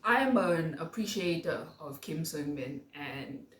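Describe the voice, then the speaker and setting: A woman's voice: deep voice, animated, slow. Dramatic, exasperated woman in a roomy space. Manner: dramatic, exasperated, playfully outraged. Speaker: music reaction vlogger. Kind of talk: casual reaction commentary. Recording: roomy echo.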